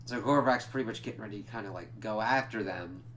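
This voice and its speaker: Casual male comic reviewer, fairly low voice, loose and rambling delivery full of fillers, drops the odd swear, faint hum in the background. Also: fast, fairly bright tone. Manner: rambling, heavy on "like" and "kinda" fillers.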